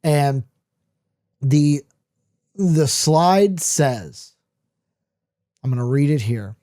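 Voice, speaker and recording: Man, comic book reviewer, casual rambling talk, soft mellow tone, fairly high voice. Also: expressive, drawn-out words. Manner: rambling, conversational, many fillers.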